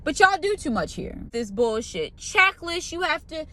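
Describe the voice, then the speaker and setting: A young woman tells an exasperated, profanity-laced story about her new job. Her voice sits a little high and swings widely as she vents. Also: moderate pace. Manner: profane, exasperated, animated retelling with quoted voices. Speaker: pharmacy technician. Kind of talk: ranting storytime vlog.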